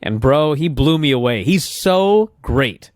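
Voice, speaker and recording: Animated swearing man, lively pitch. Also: a little slow, no room sound, studio quality. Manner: animated storyteller, swears often, acts out quotes. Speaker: podcast co-host. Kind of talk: casual wrestling recap chat.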